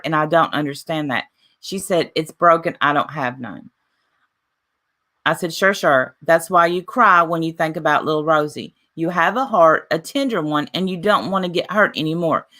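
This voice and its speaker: A woman with a notably low yet bright, forceful voice talks straight to her viewers in a casual vlog. She retells an argument line by line, switching between "I said" and "she said" and reading messages out loud. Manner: retelling a dispute with repeated "I said, she said"; reads out messages aloud. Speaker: YouTuber.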